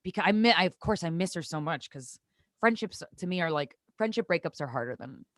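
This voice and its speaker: A woman's voice: on the low side, fairly quick, no echo, studio quality. A woman, a podcast guest in casual chat, telling stories with lots of swearing and acting out what others said. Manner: animated storytelling, acts out quoted voices, swears freely.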